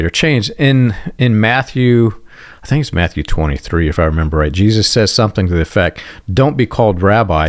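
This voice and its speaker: A man with a fairly low voice speaks as a guest on a Christian discussion show. He reasons through his points thoughtfully and clears his throat often, recorded dry and close. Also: no room sound.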